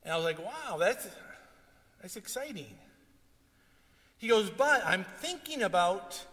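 A male pastor preaching a sermon, telling stories and acting out what people said. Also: sits high. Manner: animated storytelling, acts out quotes. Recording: long hall reverb.

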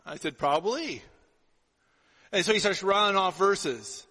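A middle-aged man preaching a sermon as pastor, telling stories and acting out the dialogue with lively energy. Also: high voice, unhurried. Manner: storytelling, animated with acted-out dialogue. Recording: long reverb of a hall.

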